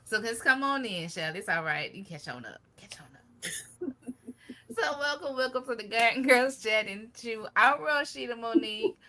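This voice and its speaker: A woman's voice: on the high side, animated, normal speed, sharp tone, a little hiss or hum. A woman co-hosting a casual gardening livestream, chatty and loose, greeting viewers with plenty of "y'all". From Michigan. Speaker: livestream co-host. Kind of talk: casual chat.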